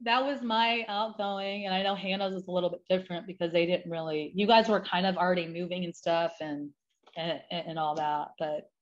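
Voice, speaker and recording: Young woman guest, earnest and emphatic storyteller, lowish voice, muffled lo-fi recording. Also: steady tone, brisk. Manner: earnest and emphatic, restarts often. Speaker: guest sharing her story. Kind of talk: emotional personal storytelling.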